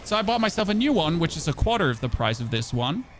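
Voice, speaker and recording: Talking fast in a voice on the high side with big pitch swings, a German-speaking game streamer rambles to his live chat over slight background noise. He's loose and chatty, teases himself, and restarts sentences.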